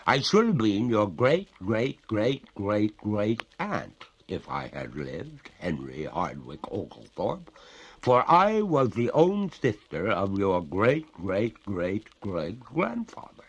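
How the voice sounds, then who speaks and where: A man voicing the ghost of a drowned young woman, speaking slowly in a gurgling, stately and reproachful way in a storybook reading. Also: lowish voice, wildly swooping pitch, slightly rough, full character voice. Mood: haughty, mournful.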